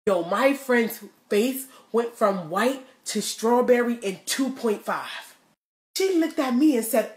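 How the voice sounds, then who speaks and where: Young woman telling a funny story, cusses a lot, voice swoops around, pretty high. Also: takes it slowly, echoey room. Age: young adult. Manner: profane, animated, acts out voices. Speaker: comedian. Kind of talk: comedic storytelling.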